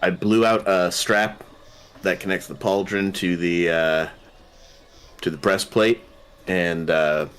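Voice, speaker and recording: A man's voice: low-pitched, a bit bright. A man playing a tabletop role-playing game, talking loosely and joking, with fillers as he thinks aloud. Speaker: player. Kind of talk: casual tabletop game chat and in-character talk.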